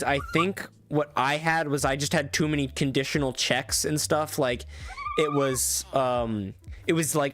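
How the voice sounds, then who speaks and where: A man streaming gameplay commentary, excitable, laughing often and reading out chat. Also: mid-range voice, slight background noise. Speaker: streamer reviewing viewer mods.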